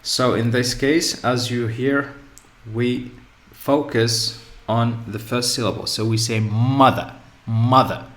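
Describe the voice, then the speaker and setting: Male teacher, measured slow delivery, mid-pitched, repeats example words, echoey classroom sound. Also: steady tone, fairly bright tone. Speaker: English teacher. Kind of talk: grammar lesson. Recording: echoey room.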